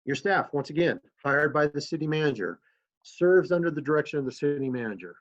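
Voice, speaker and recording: A man who works as a city manager, giving a relaxed, conversational presentation to council members, with fillers as he tells stories. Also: on the high side, brisk, lo-fi sound.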